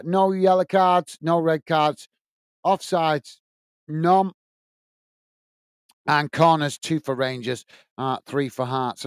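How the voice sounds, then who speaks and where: A man hosts a live football stream in a chatty, matey way, calling viewers guys and mate. His voice sits a bit higher than most men's and sounds smooth and clear. The sound is close and dry, with no room echo. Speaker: host of a football watch-along stream. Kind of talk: live stream chat, reading viewer comments aloud.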